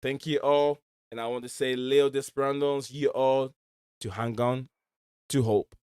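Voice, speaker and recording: A man's voice: mid-range voice, steady tone, measured pace, a little mellow, clear, resonant tone, no echo, clean studio sound. A man hosting a casual live stream, rambling and searching for words as he chats. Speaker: stream host. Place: home in Michigan.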